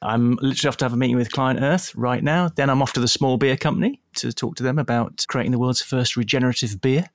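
A man co-hosting a podcast, talking casually and forcefully, with strong opinions and swearing. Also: medium pitch, quick pace, hardly any pauses, dry recording, studio quality. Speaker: podcast co-host. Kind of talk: casual chat.

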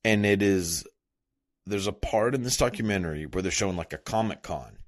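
A man's voice: low voice, normal speed. A young man talking in a loose, rambling monologue, swearing a lot and laughing at himself. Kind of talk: casual profane monologue.

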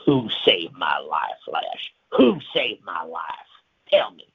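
A man spins a wild, profane comic tall tale, jumping between loud bursts and hushed whispers. His low voice is gravelly and husky, and his pitch swings all over the place. The sound is dull, lo-fi radio audio. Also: big pitch swings, slow pace.

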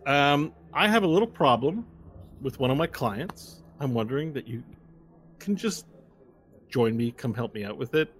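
A man voicing a large, quiet male elephant-folk figure who asks politely for help. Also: medium pitch, expressive, normal speed, faint music behind, voice pushed up, natural voice.

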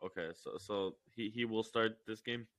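A man's voice: on the low side, steady tone, normal speed, a bit bright, no echo, clean studio sound. A man co-hosting a casual football podcast, stammering and laughing as he talks, swearing freely. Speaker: podcast co-host. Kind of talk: casual sports chat.

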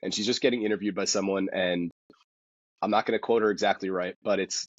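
Male golf pro, podcast guest: rapid, husky, lowish voice, dry dull lo-fi sound. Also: dry recording. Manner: rapid, animated storytelling with many restarts. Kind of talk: casual podcast interview.

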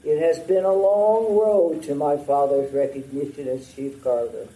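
Older guy reading a ceremony speech real slow and heartfelt, mellow voice, echoey sound. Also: a little high, fairly even intonation, distant mic. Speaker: speaker at a memorial ceremony. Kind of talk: formal prepared speech.

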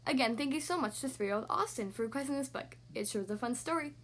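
A young woman hosts a children's story podcast, friendly and expressive. Her voice sits high and sweeps through a wide, animated range as she reads a storybook aloud. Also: fast. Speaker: podcast host reading to children.

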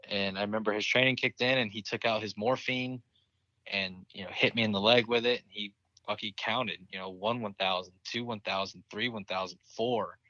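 A man's voice: lowish voice, fairly even intonation, normal speed, bright, forceful tone, no room sound, lo-fi sound. A young man, a military veteran, candidly telling a war story in casual conversation, swearing freely and laughing at grim moments. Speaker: interview guest, military veteran.

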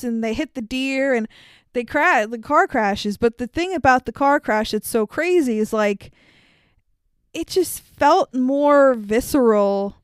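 A woman's voice: a little high, clear, resonant tone, no room sound. A young woman co-hosting a podcast, recapping a movie in casual chat, laughing often and swearing freely. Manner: laughs often, animated and profane. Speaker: podcast co-host.

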